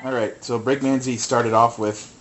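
A man co-hosting a casual podcast, joking and laughing often, with halting fillers. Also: mid-range voice, fairly even intonation, loud music behind the voice. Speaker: podcast co-host. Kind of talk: casual chat.

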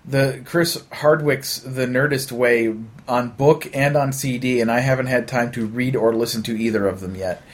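A man's voice: mid-range voice, fairly even intonation, moderate pace. A man co-hosting a podcast in casual chat, teasing and bantering playfully. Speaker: podcast co-host.

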